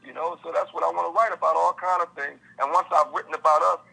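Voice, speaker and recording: A man's voice: on the high side, fairly even intonation, fast, vocal fry, pushed and bright, breathy edge, low-quality recording. A man, an author being interviewed, talking passionately in casual slang and acting out his characters. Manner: impassioned, acts out friends' dialogue in casual slang. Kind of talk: animated interview talk.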